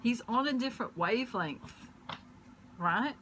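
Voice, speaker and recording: A woman giving a casual tarot reading at home, chatty and rambling, pausing to search for words and laughing often. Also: on the high side, expressive, fairly bright tone, a little hiss or hum, low-quality recording. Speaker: tarot reader. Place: at home, pet bird nearby.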